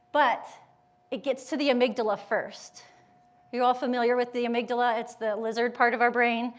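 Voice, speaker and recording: Animated woman speaker, higher voice. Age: adult with school-age children. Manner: animated, acts out inner voices with quick quotes; conversational, asks the room questions. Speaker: motivational speaker and yoga educator. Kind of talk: live talk to a business audience.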